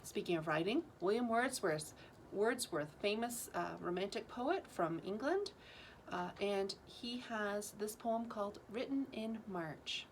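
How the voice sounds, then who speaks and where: A woman's voice: medium pitch, expressive, unhurried. A woman with a mid-range voice leads a school's morning announcements. She speaks in a teacherly way, asking her young listeners questions as she goes, over a faint background hiss. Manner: teacherly, asks students questions.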